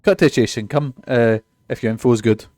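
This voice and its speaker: A man's voice: medium pitch, quick pace, a little mellow, dry recording. Scottish male streamer: profane, jokey, rambling, dry close mic. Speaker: game streamer. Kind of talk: casual game commentary.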